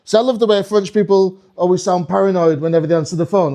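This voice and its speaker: A man from the UK performing a live stand-up comedy set, animated and swearing, with a stage mic in a comedy club. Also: high-pitched, fast talker. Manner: animated, swearing, slips into mock French voices.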